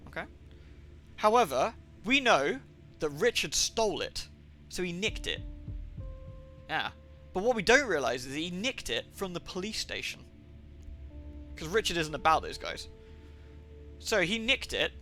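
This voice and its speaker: Bright, animated man streaming. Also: high voice. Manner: jokey and rambling, playing with slang. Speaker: game streamer. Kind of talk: casual live-stream commentary.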